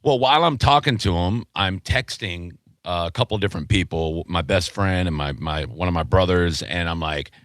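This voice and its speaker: A man on a radio show telling an anecdote in a lively, casual way. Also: low-pitched, normal speed, few pauses, no room sound. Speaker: radio co-host. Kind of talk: casual storytelling.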